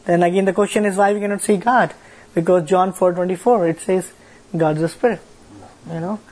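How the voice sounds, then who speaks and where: A young man with an Indian accent, leading a church fellowship, shares a testimony in halting speech, repeating words and filling with "like" and "you know". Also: high-pitched, fairly even intonation, darkish tone, low-quality recording. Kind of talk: sharing a testimony with a congregation.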